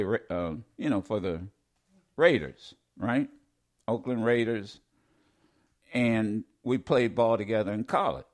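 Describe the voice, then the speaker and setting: Hoarse-ish middle-aged radio host guy, rambly, lively up-and-down voice. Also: mid-range voice. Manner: animated, rambling, emphatic repeats. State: slightly hoarse voice. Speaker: radio talk show host. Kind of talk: call-in radio talk.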